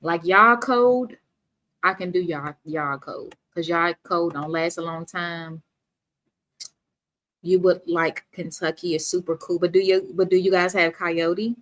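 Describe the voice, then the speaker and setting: Woman host, slightly low voice, casual chatty livestream banter with viewers. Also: flat delivery, measured pace. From Washington, D.C. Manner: chatty, reads viewer comments aloud, laughs often.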